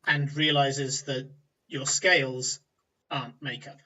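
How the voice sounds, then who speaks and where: A man narrating a tabletop game as game master, rambling with many pauses and fillers. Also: mid-range voice, flat delivery, pushed and bright, far from the mic, lo-fi sound. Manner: rambling, hesitant, filler-heavy.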